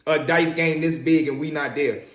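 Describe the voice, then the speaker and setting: Animated storyteller man, echoey room. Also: on the high side, normal speed. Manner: animated, acts out voices of people in the story. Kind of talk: casual spoken storytelling.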